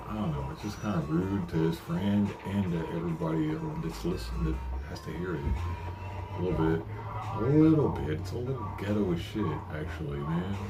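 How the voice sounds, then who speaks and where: A man chatting casually to his live-stream audience from home, rambling and swearing freely. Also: deep voice. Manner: rambling, profane, talking to chat. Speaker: livestreamer. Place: at home by the front door.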